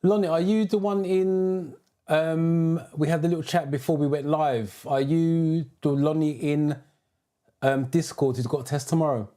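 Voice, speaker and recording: A man's voice: fairly high pitch, fairly even intonation, unhurried, mellow. A British man who teaches driving theory, hosting a live stream: he greets viewers by name, reads out their comments and gives advice.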